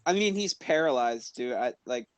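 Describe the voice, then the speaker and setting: A man's voice: mid-range voice, expressive, moderate pace, smooth, no room sound. A man playing a tabletop game in casual chat, laughing often and filling his talk with "like". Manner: laughing often, filler-heavy. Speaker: player.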